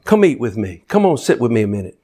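A man preaching a sermon in a folksy way, building to high, excited shouts. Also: fast talker, husky.

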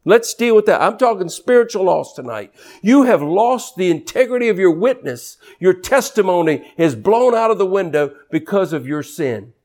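A man preaching a sermon with passion, repeating words as he builds a point and swinging from low, quiet stretches to high, rising emphasis. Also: animated, moderate pace, hardly any pauses.

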